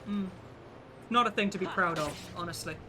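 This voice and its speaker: A man's voice: sits high, moderate pace, background noise. A young man from the UK, chatting casually and bluntly while streaming a game, rambling and swearing freely. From United Kingdom. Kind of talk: casual chat while gaming. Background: game music.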